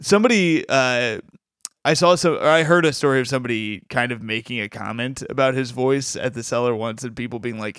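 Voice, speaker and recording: A man's voice: medium pitch, a little fast, fairly bright tone, clean tone, no echo, clean studio sound. A man co-hosting a podcast, talking casually and enthusiastically, rambling with frequent restarts. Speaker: podcast co-host.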